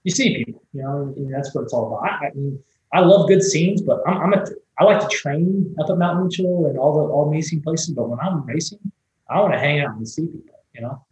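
A man's voice: fairly high pitch, fairly quick, a little mellow, roomy sound, dull audio. A man, a race director, telling stories in a casual, rambling interview, with many restarts and fillers. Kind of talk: conversational interview storytelling.

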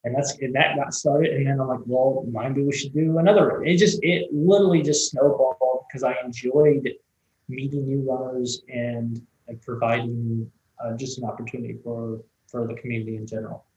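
A man's voice: medium pitch, fairly even intonation, normal speed, a little mellow, roomy sound, dull audio. A man, a race director, telling stories in a casual, rambling interview, with many restarts and fillers. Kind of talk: conversational interview storytelling.

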